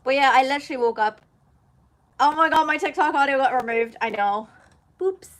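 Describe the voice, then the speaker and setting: A woman's voice: high-pitched, expressive, brisk, a bit bright. A young woman chatting casually on a livestream, telling stories in a chatty, giggly way. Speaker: singer and livestream host.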